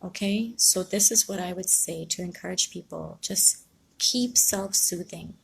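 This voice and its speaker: Calm woman giving advice. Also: fairly low pitch, a little slow, gravelly, husky. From Guyana. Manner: calm, reassuring, reads out viewer comments. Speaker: counsellor. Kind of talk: live-stream advice talk.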